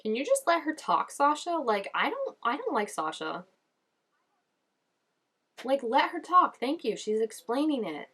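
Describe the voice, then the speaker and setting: A woman giving casual reaction commentary on a TV episode. She gushes and chats, fills her talk with "like" and "oh my gosh", and jumps up in pitch when excited. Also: unhurried, long pauses, husky. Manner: gushing and chatty, full of "like" and "oh my gosh". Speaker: show reaction vlogger.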